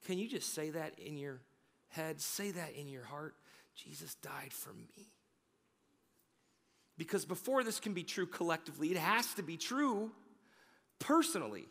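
A man preaching a sermon in a church, energetic and conversational, stammering now and then. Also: a little high, moderate pace, big-room sound. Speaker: pastor. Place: large church sanctuary.

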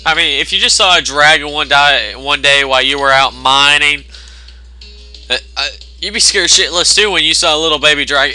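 Over game music, a man with a slightly high voice does let's play commentary at a moderate pace, his tone sharp. He jokes and swears as he plays, reading the on-screen text aloud in mock voices.

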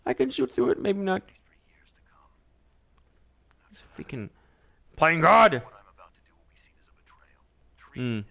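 A man giving let's play commentary, excitable, often shrieking and laughing as he talks to the game. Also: a little high, a little slow, creaky, long pauses. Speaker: gamer.

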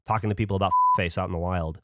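A man's voice: sits low, very fast, no echo, clean studio sound. A man co-hosting a podcast, telling stories in casual chat and acting out the voices of people he quotes. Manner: animated storyteller, acts out quoted voices. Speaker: podcast co-host.

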